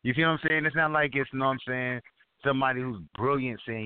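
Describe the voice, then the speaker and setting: A man's voice: medium pitch, steady tone, fast talker, a little hiss or hum. A man co-hosting a casual podcast chat, rambling, profane and dismissive. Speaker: co-host. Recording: dry, tinny phone-like sound.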